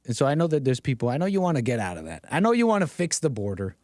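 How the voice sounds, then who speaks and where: A man's voice: medium pitch, very animated, rapid-fire, a little mellow, no echo, studio quality. A man hosting a political commentary livestream, talking sarcastically to his chat and chuckling often. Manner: talks straight to chat. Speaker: livestream host.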